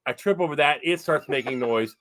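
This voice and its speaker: A man in casual chat, retelling a scary ghost-hunting moment with animated outbursts. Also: on the high side, fairly quick, no room sound, studio quality. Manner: animated, breaks into excited quoted yells. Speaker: paranormal investigator co-host.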